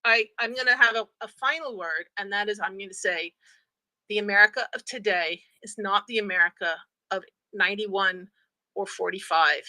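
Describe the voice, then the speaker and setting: A woman's voice: mid-range voice, moderate pace, sharp tone, no echo, low-quality recording. A woman taking part in an online audio debate, speaking bluntly with a sardonic edge. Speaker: discussion participant.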